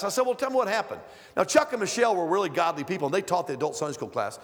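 A middle-aged man preaches to a congregation in a high, carrying voice. He tells stories in a chatty way and then builds to loud, emphatic declarations. His words ring out with a long reverb through a large church sanctuary. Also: expressive, rapid-fire. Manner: conversational, storytelling, rising to loud emphatic preaching. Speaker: guest preacher. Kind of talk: sermon.

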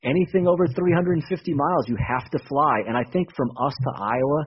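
A man talking casually in a radio interview, animated and repeating words as he explains. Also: on the high side, brisk, highs cut off, slight background noise. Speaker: baseball team executive guest.

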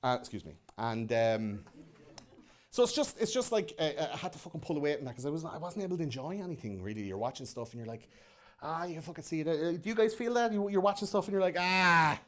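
A man's voice: a little high, big pitch swings, fast talker, a little mellow. A young man with a Liverpool accent, hosting a podcast in front of a live audience and ranting casually with lots of swearing. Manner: loose and profane, mocking put-on voices.

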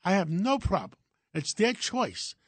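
A man's voice: sits high, wildly swooping pitch, a little slow, slightly rough, dry recording. A man in his seventies, co-hosting a radio show, giving folksy and opinionated advice in casual talk. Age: 70s. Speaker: radio co-host.

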